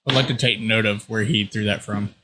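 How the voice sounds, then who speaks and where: A man playing a tabletop game, chatting casually and asking blunt questions. His voice is bright and forceful, with a faint noise behind it. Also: on the low side, steady tone, fairly quick. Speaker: player.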